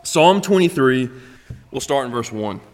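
A man's voice: mid-range voice, animated, unhurried. A man preaching a sermon in a casual, conversational way, often checking in with the congregation. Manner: conversational, asks the congregation "right?". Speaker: pastor. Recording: long reverb in a hall.

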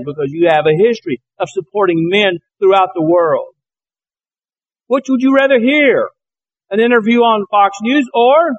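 A man's voice: high-pitched, highs cut off. A man from Alabama preaching a sermon, telling folksy, anecdotal stories. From Alabama, USA.

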